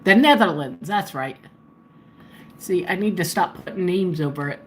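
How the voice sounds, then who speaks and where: A woman's voice: on the low side, normal speed, slight background noise. A woman chatting casually on a live stream from her home, muttering to herself as she searches a map, talking into a handheld phone. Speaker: livestreamer. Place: at home, indoors.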